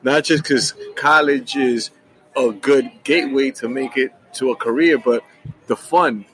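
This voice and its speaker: A man's voice: mid-range voice, unhurried, a bit bright, low-quality recording. A man from Washington Heights, a guest musician in a casual interview, upbeat and fond of acting out quotes. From Washington Heights, New York. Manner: upbeat, acts out quoted voices.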